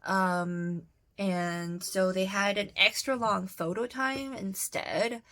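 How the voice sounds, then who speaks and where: A woman's voice: medium pitch, fairly even intonation, slow pace, fairly bright tone. A young woman telling a rambling, giggly story in a casual vlog, often restarting her sentences. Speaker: vlogger.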